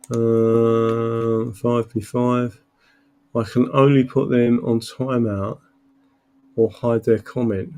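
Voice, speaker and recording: Tired, gravelly-voiced man streaming live. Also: mid-range voice, mellow. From England. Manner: reads out viewer names, rambling with many fillers. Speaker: livestream host. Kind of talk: casual livestream chat. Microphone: computer mic, camera off.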